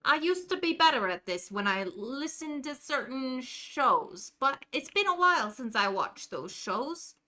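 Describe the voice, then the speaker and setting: A woman's voice: high voice, sing-song, a little slow, few pauses, pushed and bright. A woman streamer chatting casually while gaming, teasing the characters in a put-on Jersey accent. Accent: put-on New Jersey. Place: indoor room at home.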